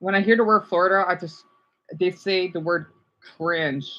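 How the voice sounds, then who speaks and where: Male streamer, chatty, rambling, pitch jumping around, dull lo-fi sound. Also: fairly even intonation, moderate pace, fairly bright tone. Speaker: streamer reacting to viewer comments. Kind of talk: casual live-stream reaction chat. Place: home room, keeping voice down.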